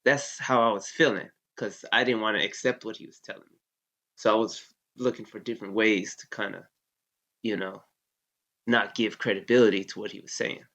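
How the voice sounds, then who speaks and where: A man's voice: on the low side, steady tone, moderate pace, fairly bright tone. A man in his thirties, an Army veteran, telling a story in a loose, casual way, full of "you know" and swearing. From United States. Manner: laid-back, heavy with fillers like "you know", curses freely. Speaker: interview guest, Army veteran. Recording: dull lo-fi sound.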